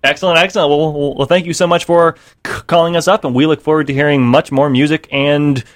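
A man hosting a radio interview, friendly and a little halting, with many restarts. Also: fairly high pitch, fairly even intonation. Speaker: radio host.

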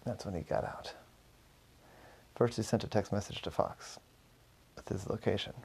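A man tells a story off the cuff, stumbling and correcting himself as he goes. His voice is low and gravelly, with a dark, slightly husky tone. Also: normal speed. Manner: loose, with restarts and self-corrections. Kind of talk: improvised story narration.

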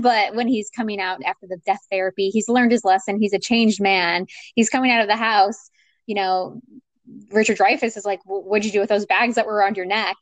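A woman's voice: mid-range voice, fairly bright tone, no echo. A woman chatting casually about a movie, recapping the plot in a rambling, hesitant way. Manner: rambling recap with fillers and laughs.

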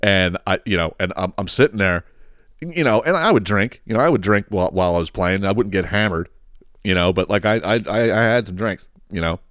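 A low-voiced man rattles through a story at a fast clip, swearing freely and circling back on his own words. The sound is close and dry, with no room echo. He talks in a casual, exasperated rant. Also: fairly bright tone. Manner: profane, exasperated, rambling with repeated words. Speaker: podcast host.

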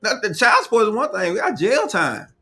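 Bright-voiced man reading out comments. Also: sits high, huge pitch swings, fairly quick. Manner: reads comments aloud, then gives firm opinions. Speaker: host reading viewer comments. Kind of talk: casual live chat.

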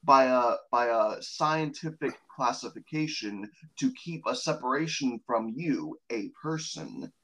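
Animated swearing podcast co-host man. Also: medium pitch, unhurried, hardly any pauses, low-quality recording. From United States. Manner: animated, swearing, laughing often. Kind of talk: casual podcast chat.

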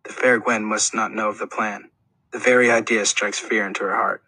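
A man's voice: on the low side, flat delivery, moderate pace, pushed and bright, husky, dry recording, poor audio. A man reading a first-person audiobook in an earnest, plain storytelling manner. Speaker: audiobook narrator.

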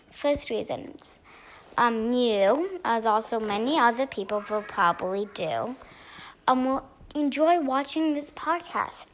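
High-pitched rambling young woman podcaster. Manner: rambling, lots of fillers and restarts, playful sound effects. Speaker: podcast host. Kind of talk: casual solo podcast monologue.

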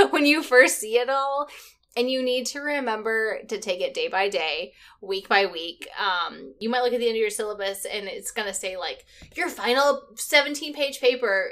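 A woman's voice: medium pitch, a bit bright. Chatty woman podcast co-host. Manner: chatty, laughs easily, frequent "like". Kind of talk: casual podcast chat.

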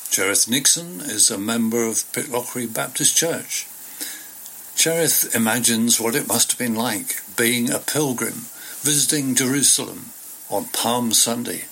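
A man introducing the next speaker in a plain, measured way. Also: mid-range voice, pushed and bright, a little hiss or hum, rough recording.

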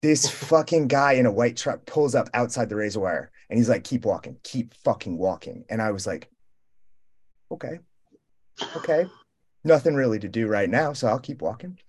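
A young man in a relaxed roundtable chat, spinning a long story in a loose, profane, rambling way. He keeps slipping into the voices of the people he met and quoting them. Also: mid-range voice, moderate pace, pauses often, slightly rough. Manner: rambling, profane, animated storytelling with quoted dialogue. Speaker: roundtable guest. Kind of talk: casual storytelling.

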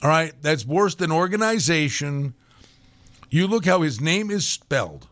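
Animated male sports talk co-host from Pennsylvania, lively pitch, dry close mic. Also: unhurried, dry recording. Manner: animated, laughs often. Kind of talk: casual sports banter.

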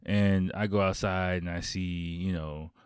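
A man's voice: low voice, fairly even intonation, unhurried, clear, resonant tone, no echo, clean studio sound. A man hosting a podcast, casually telling a rambling, profane story and laughing often. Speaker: podcast host.

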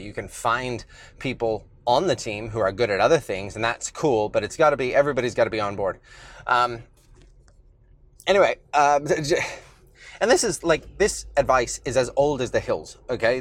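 A man hosting his own podcast in a loose, conversational way, slightly out of breath after the gym, with lots of fillers and restarts. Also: medium pitch. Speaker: podcast host. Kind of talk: casual solo podcast talk.

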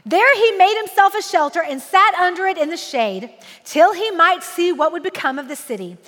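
A woman in her forties preaching a sermon, lively and joking, slowing down to read scripture aloud solemnly. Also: very high-pitched, big-room sound. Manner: animated and humorous, slow solemn scripture reading. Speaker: women's ministry speaker.

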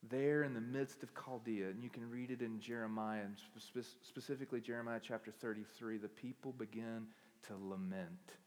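A man preaching a sermon as pastor, moving between quiet reflective passages and loud impassioned peaks. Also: mid-range voice, moderate pace, in a large hall.

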